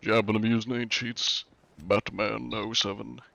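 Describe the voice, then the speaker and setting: A man's voice: fairly low pitch, level tone, brisk, creaky, bright, forceful tone, slight background noise. A man playing a formal, courteous male inspector who hunts cheaters during in-game role-play. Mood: politely probing.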